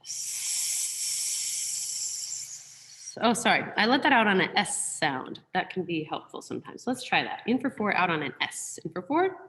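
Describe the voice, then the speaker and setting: A woman teaching a singing class over a video call, giving gentle, encouraging warm-up instructions from her piano. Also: fairly low pitch, long reverb tail. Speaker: choir teacher. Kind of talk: online group singing lesson. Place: room with a piano.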